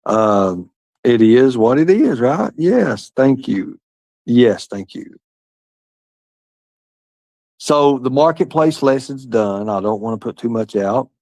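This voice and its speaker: A man's voice: medium pitch, sing-song, takes it slowly, pauses often, a little mellow, no room sound. A man hosting a livestream, reading chat and talking in a rambling, profane, repetitive way. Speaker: livestream host.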